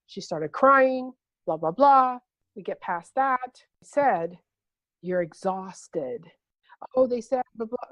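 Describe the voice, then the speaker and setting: A woman's voice: medium pitch, dry recording. A middle-aged woman coach in a podcast interview, telling stories and repeating phrases for emphasis. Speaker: intuitive empowerment coach, guest.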